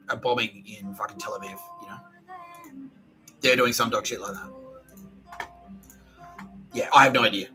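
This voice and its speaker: A man's voice: fairly low pitch, low-quality recording. A man podcasting alone in a rambling, profane monologue that often restarts its sentences.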